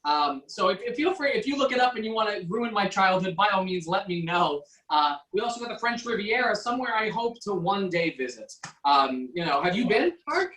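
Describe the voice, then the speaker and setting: A man's voice: high voice, sing-song, a little fast, hardly any pauses, bright, forceful tone, echoey room, distant mic, rough recording. A man from Quebec hosting a casual online cocktail class over a video call, joking and chatty with lots of fillers. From Quebec, Canada. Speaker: online mixology class host.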